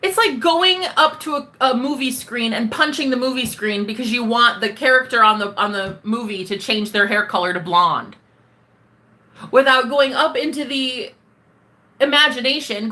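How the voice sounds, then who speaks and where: A high-voiced woman who talks straight to her viewers as a manifestation coach. She is blunt and profane and calls them honey and baby. Her tone is bright and tense, and her pitch leaps around in animated swings. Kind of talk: ranting self-talk vlog.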